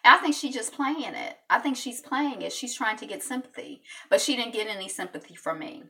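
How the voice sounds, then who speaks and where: Chatty female recap host, bright and sharp tone, talking a little off-mic, rambling with fillers. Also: fairly high pitch, animated, a little fast, far from the mic. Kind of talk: casual chat recapping an episode.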